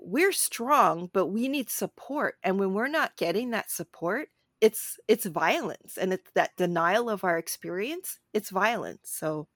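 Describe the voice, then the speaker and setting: A woman co-hosting a film podcast talks in an animated, chatty way and often breaks into laughter. Her voice sits at an ordinary middle pitch. The sound is dry and close to the mic. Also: no room sound. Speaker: podcast co-host. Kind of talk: casual film discussion.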